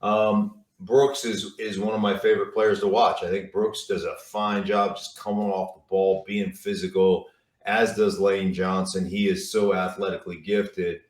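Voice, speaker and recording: Here a low-voiced, middle-aged football analyst speaks at a moderate pace with little movement in pitch. As a guest in a relaxed storytelling chat, he wanders, repeats himself and uses plenty of fillers, recorded on a distant mic in a roomy space.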